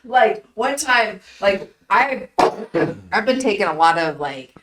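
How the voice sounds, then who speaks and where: A woman's voice: medium pitch, big pitch swings, slow pace, very noisy. Laughing woman, roomy and far off. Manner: profane, laughing storyteller, filler-heavy. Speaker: podcast co-host. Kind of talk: casual storytelling chat. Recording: roomy and a bit far from the mic.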